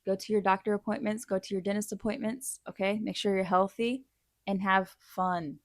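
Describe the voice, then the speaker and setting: A woman's voice: medium pitch, steady tone, moderate pace, dry recording, clean studio sound. Blunt, frank woman giving casual advice. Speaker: advice vlogger answering viewer questions.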